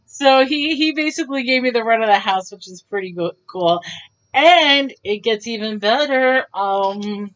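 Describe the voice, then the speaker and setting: A woman vlogger telling stories in a casual, rambling way, acting out the lines of the people in them. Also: a little high. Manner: rambling, animated, acts out quotes. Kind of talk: casual storytelling. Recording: dull lo-fi sound.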